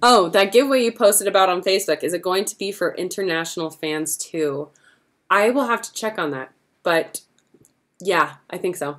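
A young woman with a lowish voice hosts a casual livestream Q&A, speaking at a moderate pace. She's chatty and giggles as she answers fans' questions.

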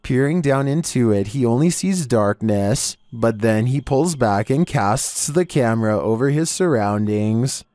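A man giving scripted narration in a measured, steady storytelling delivery. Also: medium pitch.

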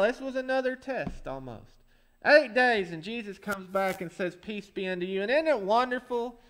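A pastor preaching a folksy sermon that swells into emphatic calls. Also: male voice, sits high, fairly bright tone.

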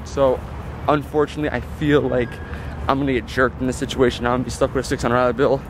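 A man's voice: mid-range voice, little pitch movement, quick pace. A man vlogging from his car, ranting in an aggravated way about a dispute. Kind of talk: ranting vlog while driving. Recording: noisy street traffic behind.

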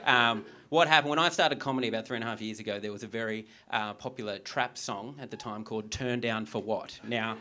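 A man's voice: fairly low pitch, fairly quick, hardly any pauses, bright, forceful tone. A young Australian man doing a stand-up comedy set in a theatre, telling stories with swearing and acted-out dialogue. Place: theatre comedy club on stage. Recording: live stage recording with audience noise.

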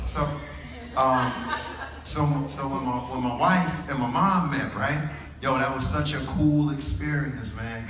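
A man in his thirties from New Orleans, doing a stand-up comedy set with animated storytelling and drawling asides to the crowd. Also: medium pitch, noisy background. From New Orleans, USA. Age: 30s. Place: large church hall. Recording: echoey hall, picked up from far off.

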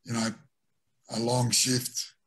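A man's voice: medium pitch, takes it slowly, breathy edge. A middle-aged Australian former rugby league player telling stories from his career in a casual interview, re-enacting what teammates said. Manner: animated anecdotes with re-enacted quotes.

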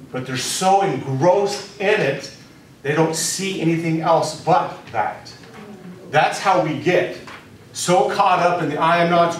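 A man giving a spiritual teaching to a small group, speaking deliberately and repeating key phrases for emphasis. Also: fairly high pitch. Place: room with a live audience. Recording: very echoey room, distant mic, faint noise.

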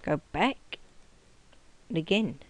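A young man giving casual gameplay commentary at his computer, rowdy and swearing, often yelling at the game. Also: on the high side, lively intonation, slow pace, no room sound. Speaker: gaming commentator.

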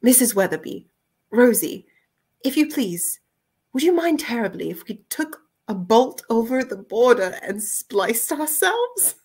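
A man's voice: very high voice, sing-song, measured pace, a little mellow, breathy edge, voice pushed up, full character voice. Woman reading as a proud, indignant young man. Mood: courteous.

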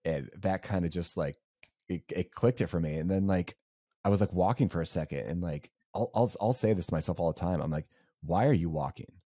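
Low, mellow-voiced casual man. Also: brisk, dry recording, studio quality. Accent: Southern US. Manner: rambling, many fillers like "like" and "um". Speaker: podcast co-host. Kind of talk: casual race recap storytelling.

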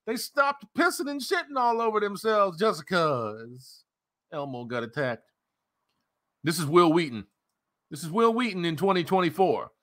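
A man's voice: sits high, very animated, normal speed, a bit bright. A man hosting a commentary channel, mocking a news story in a sarcastic, profane rant.

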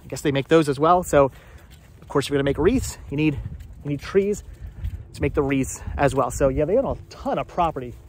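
A man with a slightly raised pitch talks casually to his viewers as he walks outdoors. His delivery is rambling and chatty, full of asides and questions for the audience. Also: fairly quick, a little mellow, slight background noise. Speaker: vlogger. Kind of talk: casual walking vlog. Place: outdoors on a hilly tree farm.

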